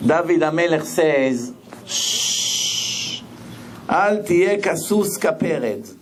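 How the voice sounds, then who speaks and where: A rabbi preaching a sermon, telling stories in an animated way and repeating phrases for emphasis. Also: male voice, a little high, extremely slow, gravelly, a little hiss or hum. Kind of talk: sermon with storytelling.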